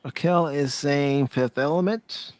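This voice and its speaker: A man's voice: on the high side, measured pace, dry recording. Easygoing man hosting a casual stream. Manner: easygoing, relaxed, restarts often. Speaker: host of a pop culture livestream. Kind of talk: casual chat, reading out viewer votes.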